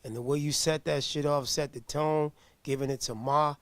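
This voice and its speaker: A man's voice: a little high, steady tone, moderate pace, no room sound. Hyped man hosting a music review. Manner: hyped, slangy, gives shout-outs. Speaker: host of a music review show. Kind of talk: live music review chat.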